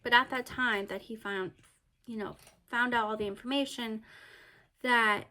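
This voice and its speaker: A woman's voice: on the high side, bright, forceful tone. A woman giving a casual book review, retelling the plot in a chatty way with many fillers and restarts.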